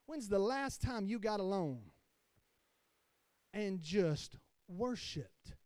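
A man's voice: high voice, expressive, takes it slowly, a little mellow, clear, resonant tone, no echo. A male pastor preaching a sermon with passion, calling out questions to the congregation. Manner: impassioned preaching with call-and-response.

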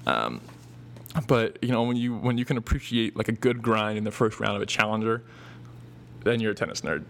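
A man's voice: fairly low pitch, brisk, creaky, a bit bright. A young man hosting a podcast, talking in a rambling casual monologue with many fillers and restarts. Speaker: podcast host. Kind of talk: casual thank-you monologue.

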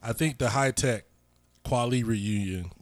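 A man's voice: mid-range voice, a little slow, no room sound. A man hosting a podcast, telling stories in loose, slangy casual chat and steering the conversation. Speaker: podcast host.

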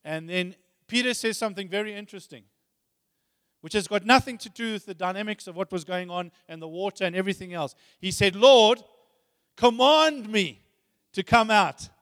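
A man's voice: high voice, fast, sharp tone, clean studio sound. A man preaching a sermon, retelling scripture casually in everyday words and reading passages aloud with rising force. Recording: long hall reverb.

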